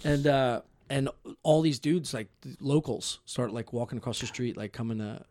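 A man's voice: mid-range voice, normal speed, darkish tone, dry recording, clean studio sound. Profane rambling man telling stories. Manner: profane, rambling storyteller with many restarts. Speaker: podcast guest storyteller. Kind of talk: casual podcast chat.

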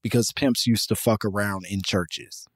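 A man's voice: on the low side, fairly even intonation, unhurried, dry recording, studio quality. A young man co-hosting a casual podcast, laid-back and profane, laughing often. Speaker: podcast co-host.

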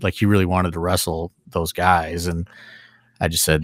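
A man's voice: low-pitched, flat delivery, a little fast, no echo, clean studio sound. A middle-aged man, a wrestling promoter, talking casually on a podcast, rambling with lots of fillers and swearing. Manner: rambling, heavy fillers and profanity.

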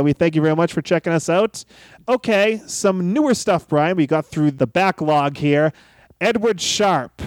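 Guy cohosting a podcast, kinda high voice, reads listener tweets, dry mic. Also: a little mellow, clear, resonant tone, dry recording. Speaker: podcast co-host reading listener messages. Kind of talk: casual podcast chat.

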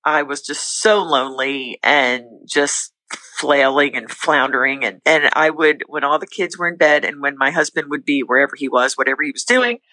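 Middle-aged woman guest, bright and forceful tone, earnest testimony, dry close sound. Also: low voice, dry recording, rough recording. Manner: earnest, faith-filled, talks in quick bursts with restarts. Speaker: podcast guest. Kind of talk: candid personal testimony.

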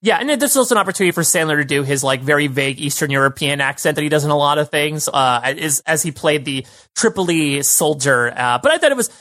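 Fast-talking young man, podcast co-host. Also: fairly high pitch, animated, bright, forceful tone. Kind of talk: casual chat.

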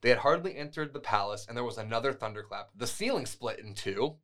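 A man's voice: mid-range voice, animated, a little fast, fairly bright tone. A man co-hosting a podcast, reading a fairytale aloud and breaking off with wry, joking comments. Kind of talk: casual storytelling with asides.

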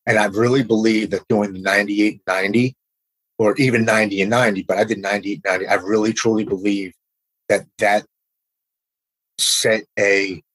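A man's voice: lowish voice, fairly even intonation, fairly bright tone, husky, poor audio. A man telling a personal story in a casual, earnest way, often stumbling and repeating words. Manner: earnest, halting, repeats words when emotional.

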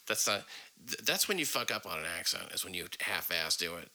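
Male podcast host, deep and gravelly, loose and profane. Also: pushed and bright, poor audio. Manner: rambling, profane, many fillers. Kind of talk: casual podcast chat.

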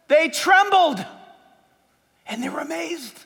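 A male pastor delivers a sermon in a notably high voice, pressing his listeners with emphatic rhetorical questions. His words ring out with the long reverb of a large church hall. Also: animated, moderate pace, long pauses, fairly bright tone.

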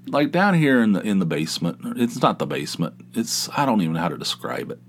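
A middle-aged man from West Virginia with a fairly low voice tells stories alone at home. He rambles, restarts his sentences and pokes fun at himself. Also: sing-song, fast. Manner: rambling, self-deprecating, with asides and restarts. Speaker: podcast host. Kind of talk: casual storytelling monologue. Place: home office in basement.

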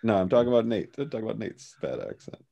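Low-voiced man, halting casual chat. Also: sing-song, vocal fry, dark tone, highs cut off. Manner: hesitant, many fillers and restarts, agreeable. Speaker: podcast co-host.

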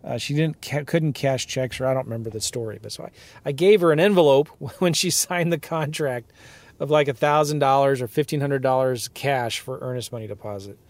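In a dry recording made in a car, a man with a medium-pitched, brisk voice tells a deal story for his podcast. He invests in real estate and delivers the tale as an animated, emphatic rant, laughing as he talks.

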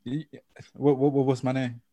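A man's voice: medium pitch, flat delivery, normal speed, dark tone. A man appearing as a podcast guest in casual chat, with playful, boastful banter. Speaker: podcast guest, executive producer.

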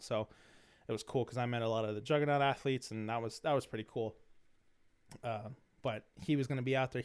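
A man's voice: mid-range voice, smooth. A young man hosting a podcast, telling a rambling story in slangy, swearing casual talk, his throat dry and coughing. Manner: rambling, slangy, swears freely, many restarts. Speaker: podcast host.

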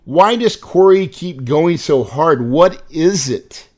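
A man's voice: a little high, lively intonation, takes it slowly, darkish tone. Man, 40s, motivational speaker; earnest and emphatic, calls the audience guys. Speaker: real estate investor speaker. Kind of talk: motivational talk.

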